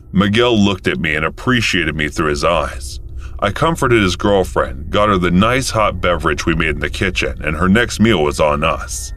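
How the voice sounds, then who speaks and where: Male narrator, very deep, lively intonation, calm first-person telling, faint music underneath. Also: normal speed. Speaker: story narrator.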